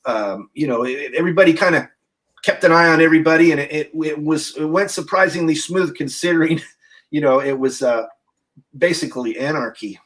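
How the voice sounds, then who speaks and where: Man, guest musician, video call, halting, repeats himself, mid-pitched. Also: a bit bright. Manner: halting, many restarts and "you know". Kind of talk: casual interview reminiscence.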